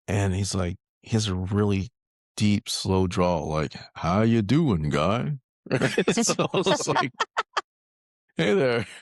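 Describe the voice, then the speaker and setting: A very low-pitched man co-hosting a spiritual podcast, telling his stories in a relaxed, easygoing way. The sound is dry and close, with no echo around him. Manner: relaxed storyteller, easygoing, laughs along. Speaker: podcast co-host. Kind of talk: casual spiritual podcast chat.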